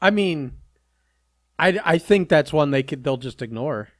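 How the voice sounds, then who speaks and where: A man's voice: a little high, animated, measured pace, no room sound, clean studio sound. A man co-hosting a casual podcast, teasing his co-host and laughing at him.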